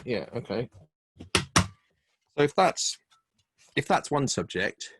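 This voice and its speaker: A middle-aged British man, a humor and speaking coach, telling lively stories with quick asides in a casual video-call interview. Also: mid-range voice, no echo, clean studio sound. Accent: British English. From Britain.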